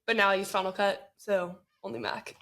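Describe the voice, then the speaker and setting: A woman's voice: medium pitch, fairly even intonation, brisk, vocal fry, sharp tone. Woman podcast guest, upbeat and enthusiastic, mid-range voice. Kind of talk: casual podcast chat. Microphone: video call.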